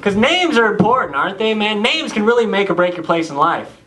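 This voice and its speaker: A man's voice: sits high, big pitch swings, fairly quick, a crowd in the background, low-quality recording. A young man from Tennessee doing a laid-back, sarcastic stand-up set on a club stage. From Tennessee, USA. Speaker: stand-up comedian.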